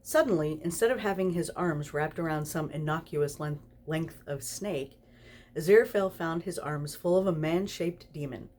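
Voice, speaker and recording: A woman's voice: deep voice, normal speed, darkish tone. A tipsy woman reading a story aloud, giggling through it. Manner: giggly, snorty laughs while reading. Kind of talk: reading fan fiction aloud.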